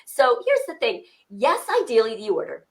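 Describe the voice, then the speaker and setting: Chatty woman host reading out viewer hellos, lively up and down voice. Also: fairly high pitch, moderate pace. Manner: upbeat, greets viewers by name. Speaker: co-host of a fitness livestream. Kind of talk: casual livestream chat.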